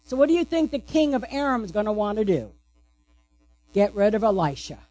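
A woman's voice: mid-range voice, very animated, brisk, warm tone. A woman pastor giving a sermon, asking the congregation questions and answering them playfully.

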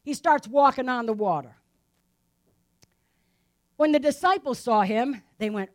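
A woman's voice: sits high, expressive, measured pace, pauses often. A woman teaching a Bible passage in a casual, conversational sermon, often asking her listeners rhetorical questions and adding "right?" to her lines. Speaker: preacher.

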